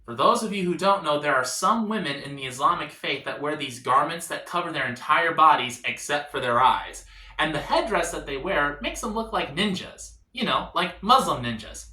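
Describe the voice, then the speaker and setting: A man doing a self-deprecating stand-up set, with a bright tone and a lively, swooping delivery. He drops to quiet punchlines. The set is recorded in an echoey room. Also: on the high side. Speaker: stand-up comedian.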